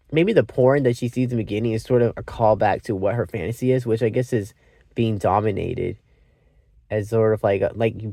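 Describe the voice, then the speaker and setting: A man's voice: fairly low pitch, darkish tone, no room sound, clean studio sound. A man giving a casual, meandering movie review, often restarting his sentences and swearing freely. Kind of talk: casual rambling film review.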